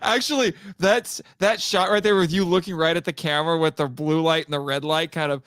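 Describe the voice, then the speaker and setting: A man co-hosting a podcast, chatting easily and laughing often. His voice sits a little high for a man. The sound is dry and close. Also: fairly even intonation, brisk, a bit bright, clean tone, dry recording. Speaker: podcast co-host. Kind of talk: casual chat.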